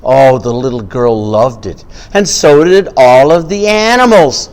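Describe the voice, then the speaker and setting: Male storyteller, slow and lively, family tale with animal noises, long echo. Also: medium pitch. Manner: animated, acts out animal sounds.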